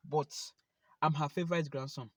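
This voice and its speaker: A young man with a Nigerian accent gives a personal testimony to camera, animated and speaking straight to his viewers. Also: a little high, moderate pace, dry recording, dull audio. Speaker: vlogger.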